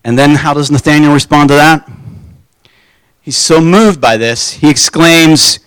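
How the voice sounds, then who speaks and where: Man, preacher, casual sermon, slow unhurried delivery, dry close sound. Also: a little high, fairly bright tone, clean tone, no room sound. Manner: informal, poses rhetorical questions, acts out quoted voices. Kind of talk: conversational sermon.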